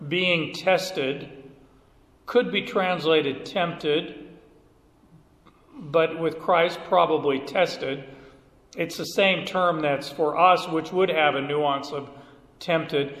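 High-voiced man preaching in an echoey hall. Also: slow pace, a bit bright. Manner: storytelling, emphatic. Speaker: pastor. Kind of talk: sermon. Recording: echoey hall, roomy reverb.

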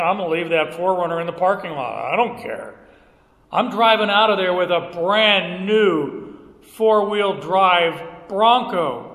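A man's voice: sits high, a bit bright. A middle-aged man preaching a sermon, telling stories with emphatic delivery, recorded in a church hall. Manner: storytelling, emphatic. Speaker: pastor. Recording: echoey hall, roomy reverb.

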